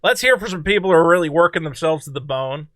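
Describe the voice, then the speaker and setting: A man with a high, bright voice reacts in a sarcastic commentary vlog. He talks in an animated way, full of exclamations and mock disbelief. The sound is dry and close. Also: fast talker, dry recording. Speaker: online commentator.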